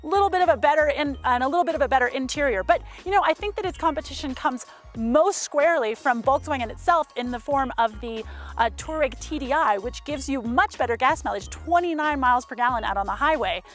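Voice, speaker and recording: A woman giving a chatty, frank car review to camera, with hesitant fillers. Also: high voice.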